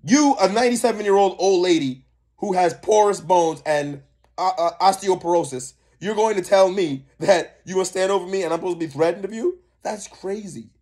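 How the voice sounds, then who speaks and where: A man's voice: sits high, a little fast, darkish tone. A young man co-hosting a reaction video, ranting in heated, profane casual commentary.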